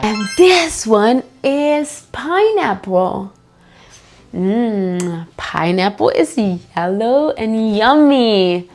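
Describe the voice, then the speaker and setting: Very slow, lively woman teaching kids. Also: on the high side, faint music behind. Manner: slow and patient, repeats each word and prompts children to echo. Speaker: children's language teacher. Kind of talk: slow, sing-song kids' lesson.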